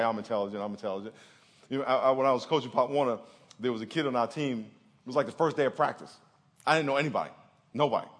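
Animated, high-voiced male preacher. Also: slightly rough. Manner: animated storytelling, acts out voices and laughs. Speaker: pastor. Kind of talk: sermon.

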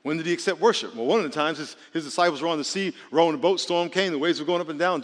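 Lively pastor preaching in a reverberant hall. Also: male voice, a little high, very fast, hardly any pauses. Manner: lively, joking, calls on the congregation. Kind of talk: sermon.

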